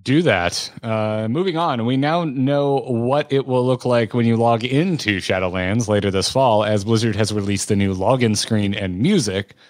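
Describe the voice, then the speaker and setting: A man co-hosting a podcast in a relaxed chat, mid-pitched, stopping and restarting his sentences. The sound is dry and close. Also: no echo. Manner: halting, many restarts and fillers. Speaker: podcast co-host. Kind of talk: casual chat.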